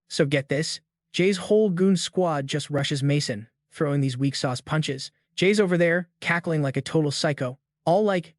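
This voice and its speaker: A man's voice: on the high side, moderate pace, dry recording, clean studio sound. A man narrating a story recap in a scripted, slang-heavy style with jokey asides.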